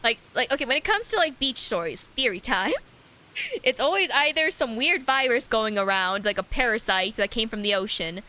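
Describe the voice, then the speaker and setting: In a let's-play of a horror visual novel, a woman streamer reads all the parts in different voices and cracks jokes along the way. Her fairly high voice is animated, pushed, and bright, at a normal pace.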